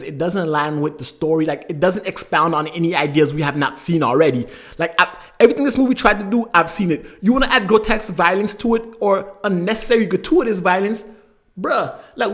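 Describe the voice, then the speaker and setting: Hosting an online movie review, a man with a noticeably high voice rants about a film with exasperation and sarcasm. He swings between loud outbursts and low, muttered asides.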